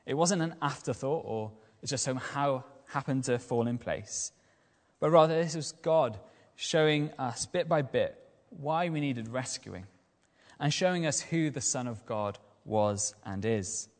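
A man giving a lively evening sermon as a lay preacher, using rhetorical questions and repetition. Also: medium pitch, a little slow, big-room sound. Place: church.

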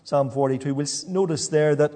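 Male preacher giving a sermon, stop-start delivery with repeated words, mellow tone. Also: on the high side, long reverb tail. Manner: halting, repeats words as he goes. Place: church.

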